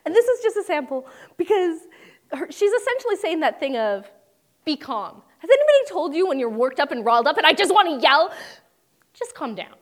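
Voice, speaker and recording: A woman's voice: high-pitched, very animated, brisk. A young woman preaching a sermon in a conversational way, with humorous asides and dramatic quoted voices.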